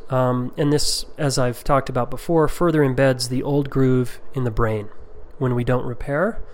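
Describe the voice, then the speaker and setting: A man's voice: medium pitch, fairly even intonation, moderate pace, darkish tone. A middle-aged man teaching a class on emotional repair in a conversational, rambling way with many ums and asides.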